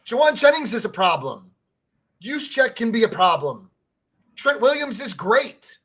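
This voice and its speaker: A man's voice: very high voice, big pitch swings, measured pace, a bit bright, breathy edge. A man co-hosting a podcast in casual sports fan chat, rambling, stammering over his words and swearing freely. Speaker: podcast co-host.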